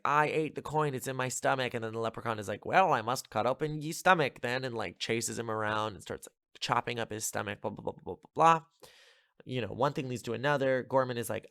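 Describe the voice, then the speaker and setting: A man's voice: mid-range voice, vocal fry, fairly bright tone, dry recording, studio quality. A man hosting a podcast, casually recapping a movie plot in a rambling, filler-heavy way with sarcastic asides. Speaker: podcast host.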